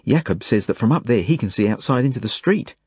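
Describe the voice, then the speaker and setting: A man's voice: medium pitch, lively intonation, quick pace, a little mellow, husky, no room sound, studio quality, voice pushed up. A man voicing a small, hopeful young girl in an audiobook, childlike and pleading. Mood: eager.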